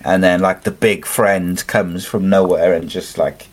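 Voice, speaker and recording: A man's voice: low voice, steady tone, measured pace. A man from the UK hosting a casual wrestling podcast, rambling through stories with lots of fillers. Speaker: podcast host. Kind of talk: casual chat.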